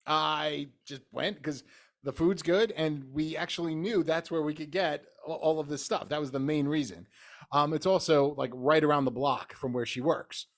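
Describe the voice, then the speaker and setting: A middle-aged man co-hosting a relaxed podcast, his voice sitting a little high for a man. He tells stories in a loose, rambling way and often laughs at himself. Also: moderate pace. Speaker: podcast co-host. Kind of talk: casual chat.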